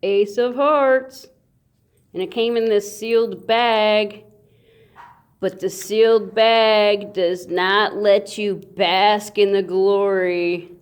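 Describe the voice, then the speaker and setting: A woman hosting a casual unboxing video, playful and goofy, with sound effects and drawn-out, excited remarks. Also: medium pitch, clear, resonant tone. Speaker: coin channel host.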